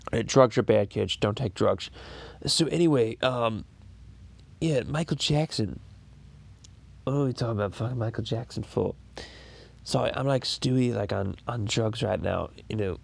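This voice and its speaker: A man's voice: medium pitch, moderate pace, creaky, pauses often. A man doing Stewie Griffin, groaning cartoon baby. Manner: crude, rambling, theatrical groaning. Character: scheming foul-mouthed cartoon baby boy. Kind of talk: improvised comedy impression podcast.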